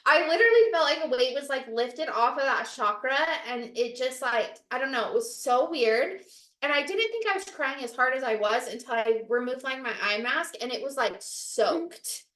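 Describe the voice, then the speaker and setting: Young woman podcast co-host, high voice, rambling filler-heavy storytelling, roomy echo. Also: expressive, normal speed, fairly bright tone. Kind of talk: casual chat.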